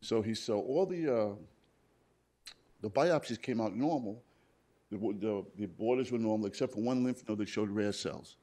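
Man, low-ish voice, plainspoken survivor story at a hospital panel, acts out quotes. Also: normal speed, dark tone. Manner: plainspoken, retells conversations in quoted dialogue. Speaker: paramedic and cancer survivor on a panel. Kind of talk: personal story told to a live audience. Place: hospital event room.

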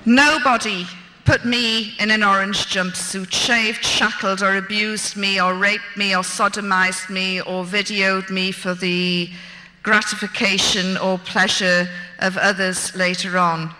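A woman's voice: medium pitch, steady tone, unhurried, sharp tone, a little hiss or hum. A woman telling a story of her own experience to an audience with wry, dry gallows humour. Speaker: speaker recounting her captivity. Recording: long hall reverb.

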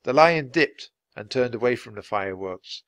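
A man reading a children's adventure book aloud, clear and steady for language learners. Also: mid-range voice, normal speed, no echo. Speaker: storybook reader.

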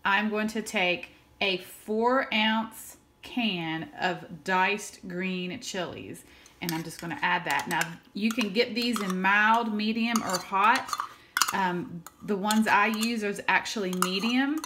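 A woman's voice: medium pitch, slow pace, noisy background. A woman hosting her own cooking channel, talking viewers through a recipe step by step in a chatty, upbeat way with the odd filler. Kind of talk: home cooking demonstration.

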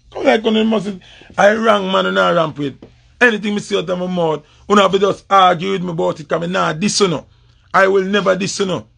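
A Jamaican man with a gravelly, husky voice that sits fairly high, ranting in confrontational patois. He repeats his points and hammers them home, pressing them again and again. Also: a bit bright. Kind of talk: heated social media rant.

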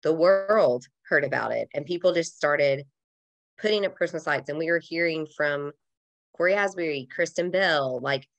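A woman with a low, gravelly voice speaks to a podcast host. She is earnest and reflective and drops casual fillers as she talks. The sound is close and dry, with little room. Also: moderate pace, dry recording, dull audio. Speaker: podcast guest. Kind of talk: heartfelt conversational interview.

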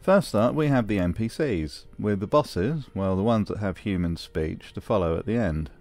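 A man gives dry, scripted commentary with a wry edge. His voice is lowish, with faint music underneath. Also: expressive, moderate pace, darkish tone, dry recording. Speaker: video essayist.

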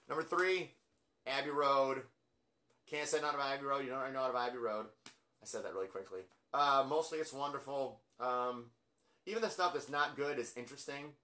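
A man's voice: medium pitch, bright, forceful tone. A man casually ranking albums from his record collection, rambling and self-deprecating with lots of fillers. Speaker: music collector vlogger.

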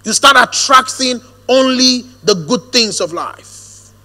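A man preaching a sermon, shifting from hushed storytelling to a firm, drawn-out preaching cadence. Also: very high-pitched, animated. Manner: storytelling, drops to hushed quoted asides, then rises to a firm preaching cadence. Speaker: pastor. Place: church auditorium. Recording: long hall reverb.

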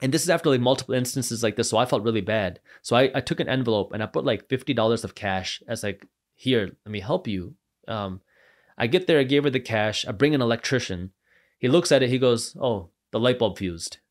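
A man guest on a podcast, telling his stories with animated energy. He jumps into quick impressions of the people in them, and his voice sits at an ordinary middle pitch. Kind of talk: animated storytelling.

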